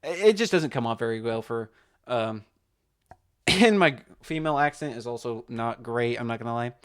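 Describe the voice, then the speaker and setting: A young man chatting in a casual vlog monologue. He rambles, hesitates, and leans on fillers as he thinks out loud. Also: mid-range voice, lively intonation, normal speed, smooth. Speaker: amateur impressionist.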